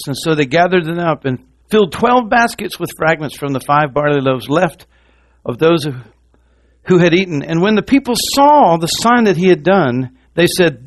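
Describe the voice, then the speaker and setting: A man preaching a sermon, swinging from loud, high exclamations to quiet, low lines and calling on the congregation to repeat after him. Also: lively intonation, normal speed. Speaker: pastor.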